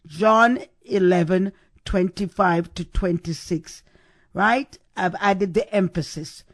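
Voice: medium pitch, slow, dry recording, studio quality. A preacher giving a sermon, stressing points and repeating key questions for emphasis.

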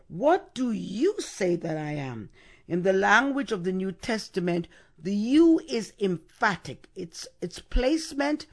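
Emphatic male preacher. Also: high voice. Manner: emphatic, repeats words for weight; stumbles and restarts mid-sentence. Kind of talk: sermon.

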